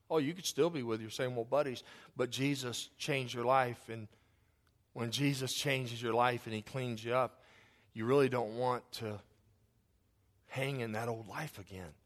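A male pastor delivers a sermon in a church, his voice sitting at an ordinary middle pitch. He preaches fervently, driving points home by repeating phrases in a steady rhythm. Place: church sanctuary.

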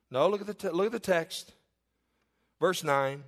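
A man's voice: high-pitched, moderate pace. A middle-aged male pastor preaching a sermon, conversational and candid, with rhetorical questions. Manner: confessional, candid storytelling.

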